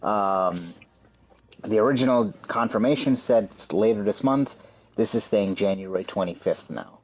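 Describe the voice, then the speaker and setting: Relaxed husky-voiced man hosting. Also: fairly low pitch, a little slow. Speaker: podcast host. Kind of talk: casual chat. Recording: dull lo-fi podcast audio.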